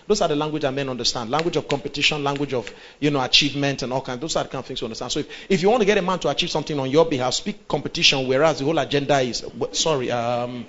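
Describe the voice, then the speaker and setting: A middle-aged man with a Nigerian accent, a pastor preaching about marriage in a lively way, acting out quotes and asking the audience questions. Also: on the high side, quick pace. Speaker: pastor and relationship coach. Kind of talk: sermon on marriage. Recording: dull lo-fi sound.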